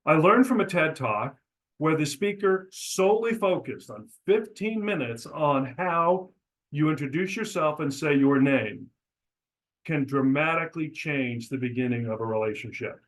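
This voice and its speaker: Middle-aged guy coaching real estate agents, fairly high voice, acts out little scripts. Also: animated, a little slow, poor audio. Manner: coaching, demonstrates scripts aloud with pitch changes. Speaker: real estate broker and trainer. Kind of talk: instructional talk.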